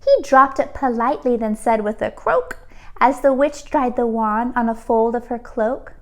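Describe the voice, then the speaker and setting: A woman teacher reading a storybook aloud to children, expressive and pausing to ask the listeners questions. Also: on the high side.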